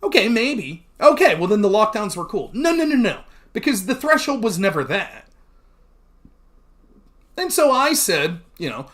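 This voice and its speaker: A man hosting a livestream, talking casually in a blunt, profane rant and pausing to thank chat viewers. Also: sits high, very animated, a bit bright. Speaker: livestream host.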